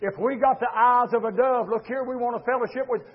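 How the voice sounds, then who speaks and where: Fervent preacher, high husky voice, rhythmic calls to the pews, dull lo-fi tape. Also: male voice, steady tone, fast. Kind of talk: sermon. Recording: dull lo-fi sermon recording.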